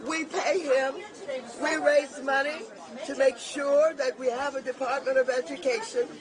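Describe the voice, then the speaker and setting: A woman's voice: high voice, flat delivery, a little slow. A woman protesting outdoors, insistent and challenging a man at a door. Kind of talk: confrontational protest speech. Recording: crowd noise outdoors.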